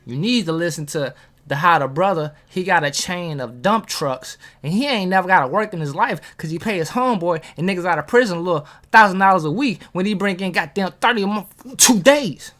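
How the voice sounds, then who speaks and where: Host of a self-improvement vlog: a man who talks straight to camera in street slang, hyped up, voice swinging high and low. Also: lively intonation, a little fast, a bit bright. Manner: hyped, street-slang delivery with big pitch jumps; talks straight to viewers, asking questions. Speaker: motivational vlogger. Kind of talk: casual motivational talk.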